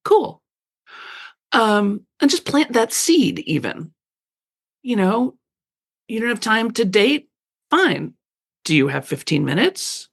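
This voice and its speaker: With a medium-pitched voice marked by vocal fry, a middle-aged author appears as a radio interview guest. Animated and casual, she laughs a lot and acts out small quoted voices.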